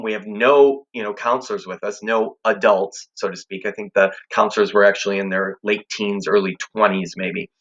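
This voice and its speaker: A man's voice: medium pitch, sharp tone, dull audio. A man teaching a class, telling a suspenseful personal story in a conversational way.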